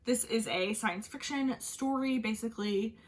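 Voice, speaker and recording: A woman's voice: on the high side, normal speed. A woman hosting a book channel, chatting casually and gushing about what she read, with lots of "like". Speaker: book vlogger host. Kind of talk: casual book review chat.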